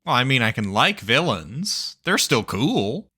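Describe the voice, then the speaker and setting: A man's voice: medium pitch, sing-song, measured pace, pushed and bright, husky. A man playing a tabletop game, talking hesitantly with lots of ums. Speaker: player. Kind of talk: casual tabletop game chat.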